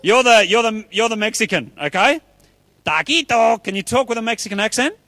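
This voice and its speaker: Playful man with a high voice. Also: lively intonation, a little fast, sharp tone, dry recording. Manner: chatty, playful, upbeat. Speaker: children's speaker at church. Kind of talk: children's talk with audience play.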